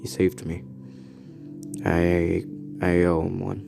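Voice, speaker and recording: A man voicing a sleepy, hesitant teenage boy who mumbles, in his own deep voice. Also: monotone, takes it slowly, vocal fry, music in the background, heavily acted.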